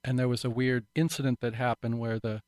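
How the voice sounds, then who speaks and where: A man's voice: medium pitch, level tone, fairly quick, darkish tone, no room sound. Middle-aged guy telling his story in an interview, thoughtful, kinda restarts a lot, dry room sound. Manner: reflective and earnest, with frequent restarts. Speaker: actor telling his life story as a guest. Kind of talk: candid personal storytelling in an interview.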